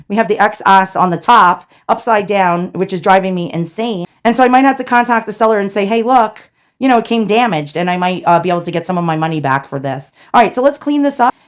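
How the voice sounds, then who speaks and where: A woman with a New York accent talks her viewers through an unboxing in a chatty, animated way. Her voice sits at a middle pitch and she speaks close to the mic. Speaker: relic restorer and video host. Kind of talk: casual unboxing commentary.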